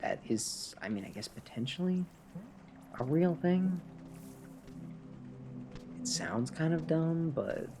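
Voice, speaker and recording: A man's voice: a little high, lively intonation, slow, pauses often, over music. A man with a Canadian accent, a little drunk, talking to himself in casual gameplay livestream chatter, rambling and chuckling at his own jokes. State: tipsy from drinking. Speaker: streamer.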